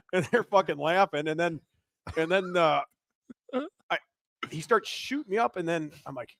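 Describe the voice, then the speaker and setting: A man co-hosts a casual podcast and tells profane stories with plenty of energy. His voice sits a little high and swings widely in pitch, with a gravelly edge. The sound is close and dry. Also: moderate pace, long pauses, no echo. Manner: animated, profane storytelling with laughs. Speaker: podcast co-host. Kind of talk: casual chat.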